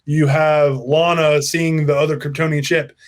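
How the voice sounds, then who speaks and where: Chatty young man, fairly high voice. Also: normal speed. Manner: relaxed, rambling storyteller. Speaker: co-host. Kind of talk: casual podcast chat.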